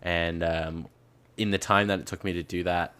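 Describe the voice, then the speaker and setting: A man's voice: low-pitched, fairly even intonation, normal speed, a bit bright, clear, resonant tone. A man co-hosting a gaming podcast, speaking in a laid-back, hesitant way in casual chat. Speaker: podcast co-host.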